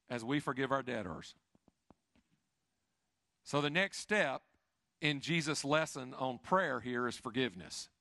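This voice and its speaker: A middle-aged man preaching a sermon, swinging from emphatic rises to quiet, intimate asides. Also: medium pitch, creaky, no echo. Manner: expressive preaching, rising and dropping to soft, intimate asides. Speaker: pastor.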